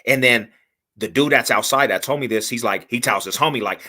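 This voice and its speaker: A man as a podcast guest, telling a story in a casual, animated, slangy way full of swearing and acted-out quotes. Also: mid-range voice, a little fast, slight background noise.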